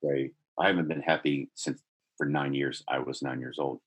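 A middle-aged man with a husky voice, earnestly telling a personal story in conversation, growing more animated as he goes. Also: very deep voice, moderate pace. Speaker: guest telling his life story.

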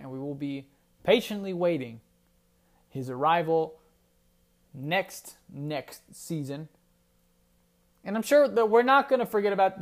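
A man hosting a solo sports podcast, talking casually and rambling with restarts. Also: fairly high pitch. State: briefly choked up. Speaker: podcast host.

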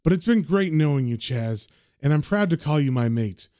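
A man voicing a dying, cynical male occult con man in a low, subdued, world-weary tone. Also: lively intonation, moderate pace, dark tone, dry recording, studio quality, lightly acted. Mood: rueful.

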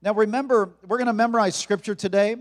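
Man, pastor, playful animated sermon, high voice, long church reverb. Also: fast talker. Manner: joking, animated preaching to a congregation. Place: church sanctuary.

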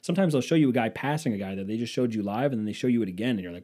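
Profane, rambling man with a mellow voice. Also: mid-range voice, racing. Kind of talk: casual chat.

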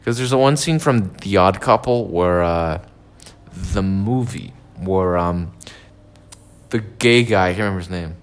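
A man's voice: low-pitched, measured pace. A man in a casual, meandering monologue, swearing often and trailing off into fillers and restarts.

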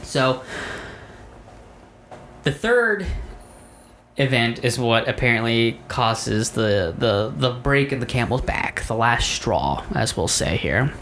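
A man's voice: mid-range voice, big pitch swings, slow pace, pauses often, a bit bright, slight background noise. A man on a podcast telling a long story about an argument, swearing often and sounding fed up as he quotes both sides. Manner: profane, exasperated, recounts arguments in quotes. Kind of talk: casual storytelling rant.

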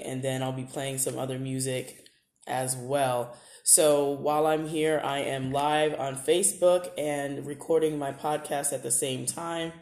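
A woman's voice: sits low, a little mellow. A woman hosting her podcast while streaming live, talking earnestly and building into impassioned rhetorical questions. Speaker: podcast host. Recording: echoey room.

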